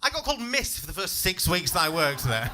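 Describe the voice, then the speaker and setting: A man's voice: high voice, very animated, brisk, pushed and bright, slight background noise. A man in his twenties doing a stand-up comedy set on a club stage, cheeky and self-deprecating, swearing freely and bantering with the crowd. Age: 20s.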